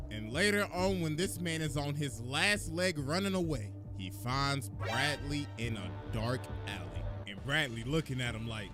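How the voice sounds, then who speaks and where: A man giving casual anime commentary in an animated, profane way, laughing often. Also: medium pitch, unhurried, hardly any pauses. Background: background music.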